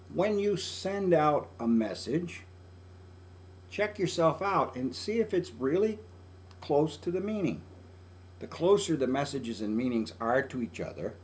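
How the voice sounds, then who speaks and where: An older man who works as a family counselor gives casual parenting advice in a folksy, conversational way, acting out quoted lines. His medium-pitched voice is a little mellow, with a slight hiss or hum in the recording.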